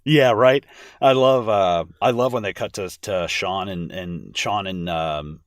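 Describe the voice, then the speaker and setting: A man's voice: low voice, measured pace, no echo, clean studio sound. A man co-hosting a casual movie podcast, rambling with lots of fillers and restarts. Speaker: podcast co-host.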